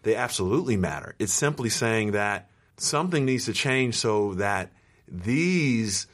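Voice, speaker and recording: A man hosting an interview podcast, explaining his point in a measured, thoughtful way. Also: lowish voice, animated, fairly bright tone. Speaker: podcast host. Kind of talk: casual conversation.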